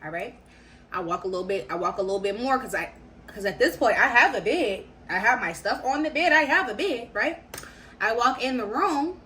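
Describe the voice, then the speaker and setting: Young woman vlogger, bright, animated storyteller with slangy, repetitive delivery. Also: a little high, fairly quick, slight background noise. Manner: slangy, animated, repeats phrases for emphasis. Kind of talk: casual storytelling.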